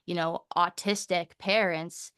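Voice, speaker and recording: A woman's voice: fairly low pitch, smooth, dry recording, clean studio sound. A young woman from Canada, a guest speaker in a casual interview, telling stories with lots of "like" and acting out what others said. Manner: animated storyteller, acts out quoted dialogue; frequent "like" fillers, quick bursts.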